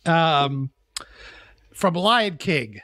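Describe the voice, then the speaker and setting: A man co-hosting a casual podcast, his pitch sitting a little above most men's. He reads out movie lines slowly and flatly. The sound is dry and close, with no room around it. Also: no room sound. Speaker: podcast co-host.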